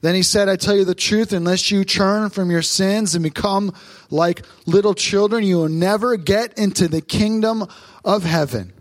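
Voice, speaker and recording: Lively storytelling pastor, dry sound. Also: male voice, high voice, no room sound. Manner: warm storytelling, lively, quick asides. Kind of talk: sermon. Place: church sanctuary on stage.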